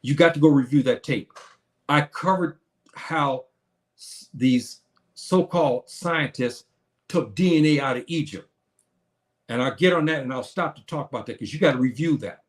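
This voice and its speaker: A man lecturing on a live stream, reading and answering viewers' comments with frequent restarts and hesitations. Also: mid-range voice. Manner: halting, many restarts, reads and answers comments. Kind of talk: live-stream teaching and chat replies.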